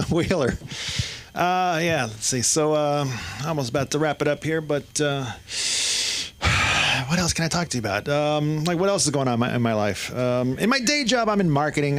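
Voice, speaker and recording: A man's voice: fairly high pitch, fairly bright tone. A man hosting a comedy show, rambling through his own set with a hesitant, filler-heavy delivery. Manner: meandering, hesitant, full of fillers. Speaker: host. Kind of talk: stand-up set. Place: comedy club stage.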